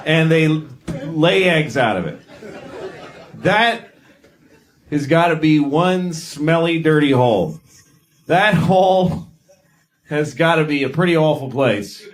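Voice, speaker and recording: Crude deadpan stand-up man, higher voice. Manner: deadpan, crude, self-deprecating musings. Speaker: stand-up comedian. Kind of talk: stand-up comedy set. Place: comedy stage before a live audience. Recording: live stand-up with audience laughter.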